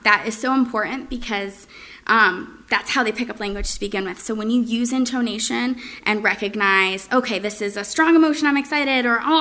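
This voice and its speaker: Female speech presenter with a bright, tense voice, explaining strategies in a relaxed, filler-heavy way. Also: mid-range voice. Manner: frequent ums, sing-song modeled phrases. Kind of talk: informal training presentation.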